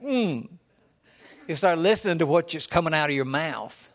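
A man's voice: a little high, lively intonation, moderate pace. A man in his seventies preaching a folksy sermon, telling personal stories in a homespun, chuckling way. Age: 70s.

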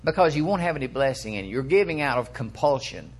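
A man's voice: mid-range voice, very animated. An older man preaching a sermon in a conversational way, asking his listeners questions and reading scripture aloud. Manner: acts out quick quoted voices for illustration.

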